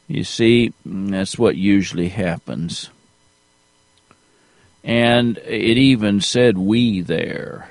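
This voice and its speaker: Guy preaching real slow, kinda low voice, leans into the big words. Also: darkish tone, dry recording. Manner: slow, deliberate preaching with rising emphasis. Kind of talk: sermon.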